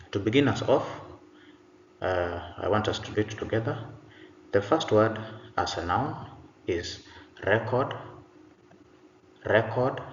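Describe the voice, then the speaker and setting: A man teaching English pronunciation at an unhurried pace, saying each example word twice. His voice sits a little low. The room sounds echoey and dull, with a faint hiss underneath. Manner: slow and deliberate, repeats each word twice. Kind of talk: pronunciation lesson.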